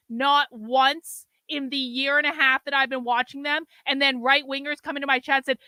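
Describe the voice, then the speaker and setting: A woman's voice: high-pitched, fairly even intonation, fairly quick, few pauses, bright, forceful tone, no echo. A woman hosting a livestream, commenting bluntly on a clip and lecturing her chat, with frequent swearing. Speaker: host reacting to a stream.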